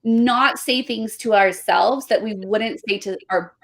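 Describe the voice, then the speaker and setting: A woman's voice: medium pitch, a little slow. A woman weightlifting coach, a guest in a casual podcast interview, talking earnestly and with animation. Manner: earnest, animated, speaks of camps and self-talk.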